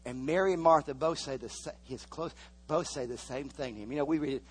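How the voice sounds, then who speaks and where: A man's voice: medium pitch, a little fast, a little hiss or hum. A male preacher delivering a sermon, repeating phrases and pushing the congregation for amens.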